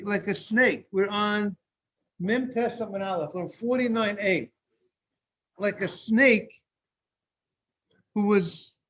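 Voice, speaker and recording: A rabbi leads a Talmud class in a noticeably high voice. He explains things step by step and circles back over his own phrases. Now and then he pauses to greet latecomers by name before he carries on. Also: fairly bright tone. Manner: breaks off to greet people joining. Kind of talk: Talmud study lesson.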